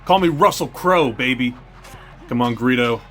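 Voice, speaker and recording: A man's voice: medium pitch, normal speed, a bit bright, faint music behind. A young man hosting a let's play, joking and trash-talking over the gameplay. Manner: jokey, trash-talking, puts on silly voices.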